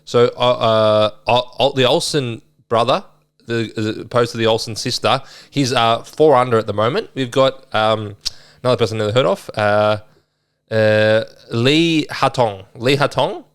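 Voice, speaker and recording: A man's voice: medium pitch, moderate pace, clean tone. A young Australian man hosting a solo sports podcast, chatting casually and a bit rambling as he previews the weekend's games. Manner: chatty, lively, rambling with fillers.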